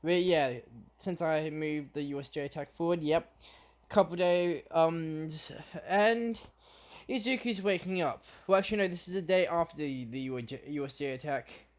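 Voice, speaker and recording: A young man retelling his fan story off the cuff, halting often with fillers and restarts. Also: fairly high pitch.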